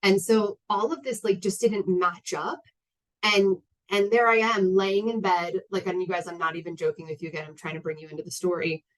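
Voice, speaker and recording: A woman's voice: lowish voice, steady tone, fairly quick, low-quality recording. A woman in her thirties telling a personal story to an audience, candid and rambling with many fillers and restarts. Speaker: guest speaker.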